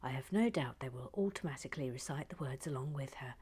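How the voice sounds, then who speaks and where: In a laid-back, giggly session of reading listener messages, this woman keeps interrupting herself and sinking into whispers. Her voice is a fast, rumbling low, slightly mellow and husky.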